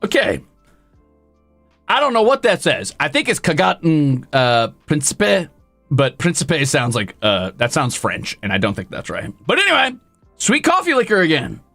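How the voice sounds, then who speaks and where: A man's voice: on the high side, huge pitch swings, normal speed, gravelly, fairly bright tone, no echo, faint music behind. A male streamer chatting casually with his viewers, rambling and poking fun at himself. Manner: rambling, self-deprecating, talks to chat. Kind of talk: casual livestream chat.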